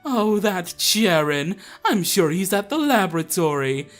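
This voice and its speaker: A man's voice: high voice, sing-song, a little slow, a bit bright, soft background music, exaggerated voice. A man voicing a chatty mother who muses fondly about her son, reading game dialogue aloud.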